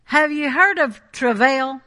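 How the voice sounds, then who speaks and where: A woman's voice: sits high, unhurried, sharp tone. A woman preaching a Pentecostal sermon, emphatic and conversational, often checking in with the congregation.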